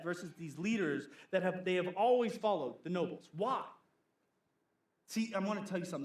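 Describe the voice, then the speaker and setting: A pastor preaching in an echoey church sanctuary, his voice sitting high for a man. He is animated and playful, slipping into comic voices to act out gossiping church folk. The room rings around him. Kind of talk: sermon.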